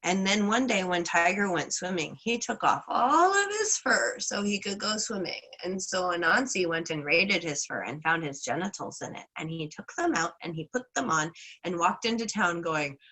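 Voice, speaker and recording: A woman's voice: fairly low pitch, animated, normal speed, hardly any pauses, bright, forceful tone, poor audio. A woman teaching a casual class, retelling a folk tale in a chatty, playful way with frequent hedges. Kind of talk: casual lesson with folk storytelling.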